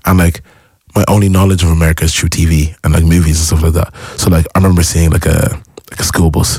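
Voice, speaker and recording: A young man from Ireland, a music artist guest, chatting casually and acting out his own excited reactions as he tells stories. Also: low-pitched, fast, husky, dry recording, studio quality. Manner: excitable storyteller who acts out past reactions. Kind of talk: casual interview chat.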